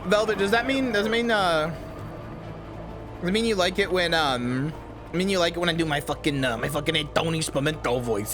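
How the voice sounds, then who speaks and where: A man's voice: on the high side, fairly quick, music in the background. A man from the Midwest with a Midwestern accent, casually commentating a game stream with crude jokes. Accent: Midwestern American. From Midwestern United States. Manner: crude, joking, rambling.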